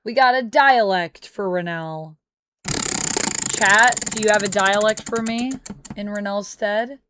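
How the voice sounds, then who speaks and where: A woman's voice: mid-range voice, measured pace, noisy background. A woman streamer in casual livestream chat, talking from home and answering her viewers' messages aloud. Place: home on a military base.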